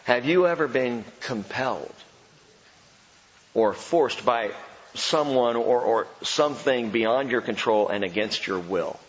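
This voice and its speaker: Animated male preacher in a reverberant hall. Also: medium pitch, slow pace. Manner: animated preaching, acting out quoted voices. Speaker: pastor. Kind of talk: sermon. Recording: dull lo-fi sound, long hall reverb.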